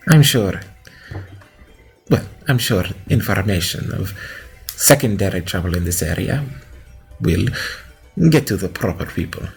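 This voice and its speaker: A man voicing a woman adventurer in formal, measured speech, using polite words to veil threats. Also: sits low, animated, gravelly, soft background music, full character voice.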